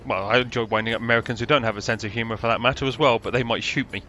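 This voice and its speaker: Middle-aged British male game commentator, dry sarcasm, bright voice, faint noise behind. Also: medium pitch, fairly even intonation, rapid-fire. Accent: British English. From Britain. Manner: dry, sarcastic, rambling asides. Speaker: gameplay commentator. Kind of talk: casual gameplay commentary.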